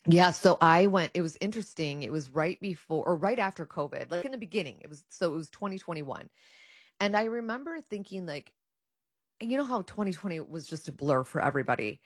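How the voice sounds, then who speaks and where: Low-voiced woman telling her story, acts out the quotes, really dry sound. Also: a little fast, no room sound. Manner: animated, acts out her own and others' quoted words. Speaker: guest sharing her cancer story. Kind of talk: casual personal storytelling.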